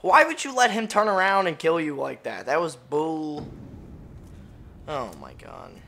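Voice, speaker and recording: Gamer, live commentary, profane frustrated ranting, wildly swinging pitch, sudden yelling, faint gunfire behind. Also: measured pace, creaky, slight background noise. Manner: bursts into excited yelling. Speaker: gamer commentating own match.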